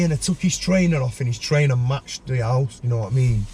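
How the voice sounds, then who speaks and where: A man talks through a gritty tale as a podcast guest. His voice sits mellow and dark, and he flicks sharply upward when he plays out other people's words. A faint hiss runs underneath. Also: fairly quick. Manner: animated storyteller, acts out voices with sudden high pitch. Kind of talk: storytelling in a podcast interview.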